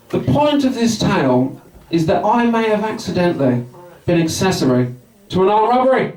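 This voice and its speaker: A man with a high voice and a West Midlands accent tells a stand-up story with lots of swearing, switching between himself and the other characters. He is recorded from some distance in a roomy pub venue where the sound bounces around. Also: sing-song, brisk, a little mellow. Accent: West Midlands English. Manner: swearing, acts out both sides of the dialogue. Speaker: stand-up comedian. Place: small pub comedy night.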